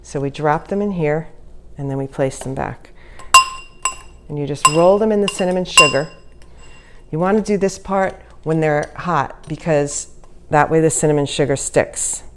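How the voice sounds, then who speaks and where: Giggly woman with a deep-ish voice walking thru a recipe at home, laughs at herself a lot. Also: normal speed, very noisy. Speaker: home cooking vlogger. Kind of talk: casual cooking demonstration. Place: home kitchen.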